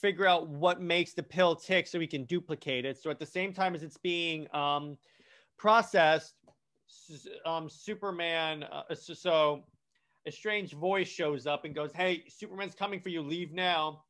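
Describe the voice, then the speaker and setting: A man's voice: a little high, measured pace, fairly bright tone. A man casually retelling a comic storyline, rambling with many restarts and false starts. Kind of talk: casual comic plot recap.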